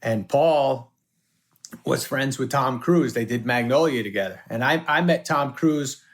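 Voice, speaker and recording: A man's voice: medium pitch, measured pace. A man as a podcast guest, telling stories in casual chat, swearing freely and acting out the voices of people in his anecdotes. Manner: animated, swears often, acts out voices in anecdotes.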